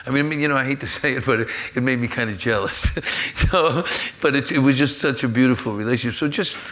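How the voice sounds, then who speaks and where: A man's voice: mid-range voice, fast, fairly bright tone. A man in his seventies interviewing a friend on stage, with apologetic interjections and easy laughter. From United States. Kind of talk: live conversation on stage.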